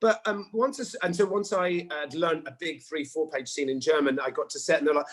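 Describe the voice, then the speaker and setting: A man's voice: a little high, a little fast, few pauses, low-quality recording. A man in his forties from England, a guest in a casual interview, telling stories with animation and acting out quotes. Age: 40s. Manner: animated storyteller, acts out quotes. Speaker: actor and guest.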